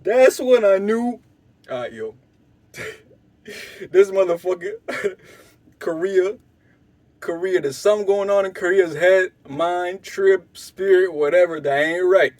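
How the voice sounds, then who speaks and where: Speaking a little slowly with long pauses, this young man from Canada has a high-sitting voice on a dry recording. His wild, slangy story is full of swearing, and he brings others' quotes to life, sometimes loudly, sometimes softly.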